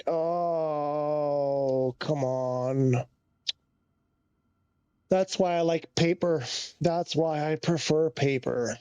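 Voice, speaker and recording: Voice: mid-range voice, drawn-out words, long pauses, dark tone, clean tone, no echo, lo-fi sound. A flight sim streamer talking to themselves during live gameplay, muttering, sighing often and getting easily frustrated.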